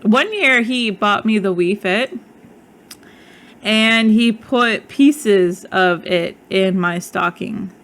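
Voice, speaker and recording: A woman's voice: mid-range voice, takes it slowly, a bit bright. A woman in her thirties with a slight lisp, chatting casually as a podcast co-host and laughing often. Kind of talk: casual chat.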